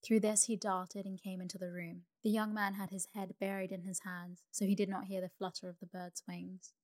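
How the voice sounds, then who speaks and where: A woman narrating a sleep story in a calm, soothing reading. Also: mid-range voice, moderate pace, no echo.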